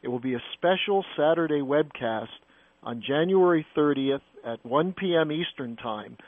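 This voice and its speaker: A man's voice: on the high side, expressive, moderate pace, no room sound. Radio host guy, pushy questions, thin phone-line sound. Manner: asks guests pointed questions, argumentative. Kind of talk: political talk radio chat.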